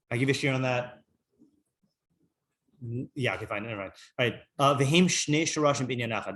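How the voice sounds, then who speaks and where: A man, a rabbi, teaching a casual morning class, reading Hebrew texts and thinking aloud with many fillers. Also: medium pitch.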